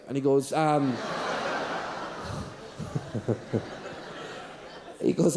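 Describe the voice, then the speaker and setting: A man doing a stand-up routine, telling a long story in a deadpan style. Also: mid-range voice, drawn-out words, pauses often, noisy background. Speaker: stand-up comedian.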